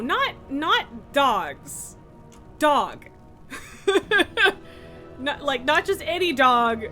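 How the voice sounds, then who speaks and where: A woman's voice: on the high side, sharp tone. A woman streaming a game live, chatting casually, laughing often and swearing freely. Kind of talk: casual live gameplay commentary.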